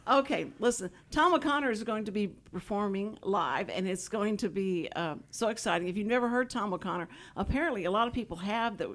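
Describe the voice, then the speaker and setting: A woman's voice: medium pitch, fairly quick, hardly any pauses, fairly bright tone. A woman from Houston hosting a talk show, rambling and laughing often as she chats with guests. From Houston, Texas. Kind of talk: casual chat. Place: radio studio.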